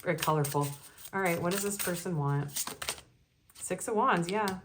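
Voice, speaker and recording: A woman's voice: fairly low pitch, moderate pace, noisy background. A woman giving a casual tarot reading, chatty and giggly, with many ums and likes. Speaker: tarot reader.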